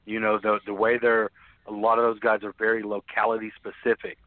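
A man chats as a podcast guest, telling lively stories with plenty of laughs and casual swearing. His voice comes through a thin, phone-like line that sounds dry and close, with no room echo. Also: lowish voice, fairly quick. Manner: animated, laughing storyteller who swears freely. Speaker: podcast guest, snake keeper. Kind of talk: casual storytelling chat.

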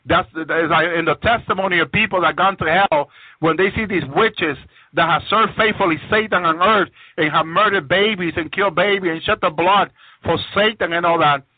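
A man's voice: high-pitched, fairly quick, no echo. A man giving a fervent religious testimony of his visions, often repeating words as he restarts. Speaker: guest sharing visions on a religious program. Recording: tinny phone-line audio, dry.

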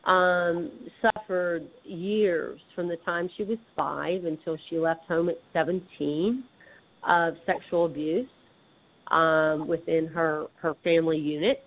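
A woman's voice: lowish voice, fairly even intonation, slow pace. A woman with a Southern twang, a guest author talking casually with many restarts and fillers. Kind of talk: casual conversation. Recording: tinny phone line.

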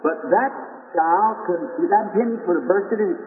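A man's voice: high voice, moderate pace, phone-quality sound, a little hiss or hum. A man preaching an earnest, rambling storytelling sermon, calling his listeners friends, in an old 1940s recording from a meeting hall. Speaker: evangelist preacher.

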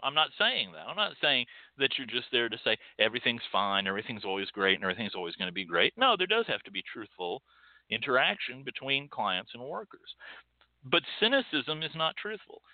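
A man's voice: medium pitch, big pitch swings, brisk, no room sound. A man with a Texan accent hosting a show, delivering an emphatic, scolding monologue. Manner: emphatic, scolding, with mocking quoted voices. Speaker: podcast host. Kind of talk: opinionated monologue. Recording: tinny phone-like line.

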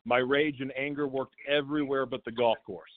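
A man's voice: mid-range voice, steady tone, brisk, slight background noise. A man calling in as a guest, telling a raw personal story in a rambling, self-correcting way. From Oklahoma. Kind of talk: candid personal testimony. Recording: tinny phone line.

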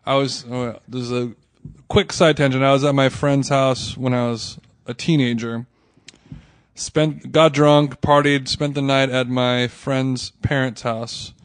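A man's voice: mid-range voice, steady tone, unhurried, clean tone, no echo. A man co-hosting a podcast in casual chat, telling loose, rambling anecdotes. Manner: laid-back, rambling anecdotes. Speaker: podcast co-host.

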